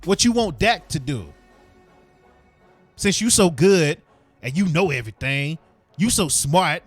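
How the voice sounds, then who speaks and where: A man's voice: fairly high pitch, lively intonation, unhurried, breathy edge, no echo, faint music behind. A man hosting a sports podcast, ranting heatedly in casual slang. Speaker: podcast host.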